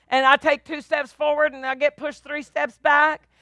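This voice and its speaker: Woman pastor, high bright voice, emphatic preaching with repeated calls for response. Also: level tone, moderate pace, no room sound, studio quality. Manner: emphatic, repetitive, call-and-response. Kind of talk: sermon.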